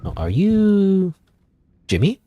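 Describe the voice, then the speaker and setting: A man's voice: sits high, wildly swooping pitch, slow pace, dull audio. A man streaming a video game, thinking aloud in a casual, rambling way and reading in-game text. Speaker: gaming streamer. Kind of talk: let's play commentary.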